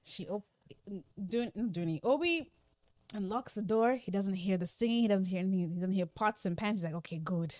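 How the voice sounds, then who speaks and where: A woman's voice: mid-range voice, moderate pace, darkish tone, no echo, clean studio sound. A woman co-hosting a podcast, chatting casually and playfully teasing while recapping a book. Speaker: podcast co-host. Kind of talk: casual book-club chat.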